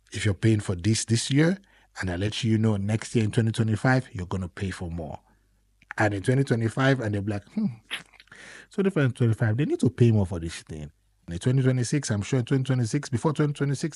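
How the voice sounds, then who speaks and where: A man's voice: lowish voice, dry recording. A young man, complaining in a casual vlog monologue. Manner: complaining, animated storytelling. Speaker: vlogger.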